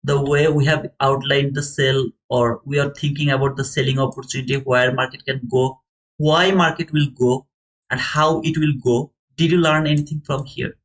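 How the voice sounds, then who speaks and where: A man streaming live to viewers, thinking aloud in halting, repetitive phrases as he explains a trade. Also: mid-range voice, fairly even intonation, fairly bright tone, low-quality recording. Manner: talks to chat viewers by name. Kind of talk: live market commentary to viewers.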